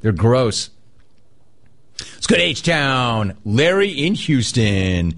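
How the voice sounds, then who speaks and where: A middle-aged man hosts a call-in radio show in a loose, talky way. His pitch swings widely as he rants and riffs on everyday annoyances. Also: extremely slow. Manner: animated, mocks people in a high put-on voice. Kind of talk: casual call-in radio talk.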